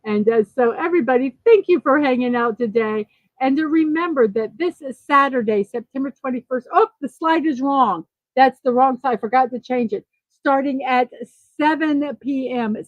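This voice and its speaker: A woman's voice: high voice, moderate pace, no echo, highs cut off. A woman hosting a casual livestream morning show, chatting, reading viewer comments aloud and fumbling a little with numbers.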